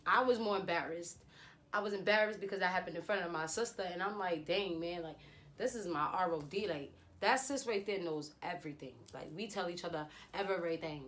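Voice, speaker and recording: A woman's voice: fairly low pitch, brisk, slight background noise. Chatty young woman telling a story. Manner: chatty, animated retelling with acted-out quotes. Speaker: beauty vlogger. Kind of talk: storytime vlog.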